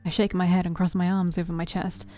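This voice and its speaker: Mellow-voiced woman reading a visual novel aloud. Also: fairly low pitch, quick pace, soft background music. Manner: playful, expressive first-person narration. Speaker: let's-play streamer.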